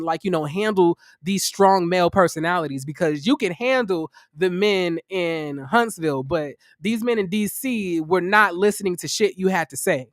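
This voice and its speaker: A man hosting a livestream review of a reality show, tired, talking casually to his viewers in a profane, incredulous, animated way. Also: high voice, no echo, clean studio sound. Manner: chatty, addresses viewers as y'all.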